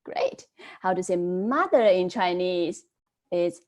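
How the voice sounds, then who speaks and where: A woman teaching an online Chinese class, modelling words slowly and prompting students to repeat them after her. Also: fairly low pitch, expressive, darkish tone.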